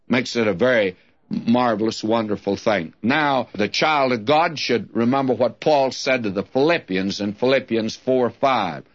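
Slow older male Bible teacher. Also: mid-range voice. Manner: slow, deliberate, reads scripture then explains it. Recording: dull lo-fi sermon recording.

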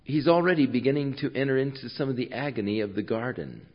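A man preaching a sermon, reading and explaining scripture, swinging from hushed to loud. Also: mid-range voice, animated, fast, dull audio.

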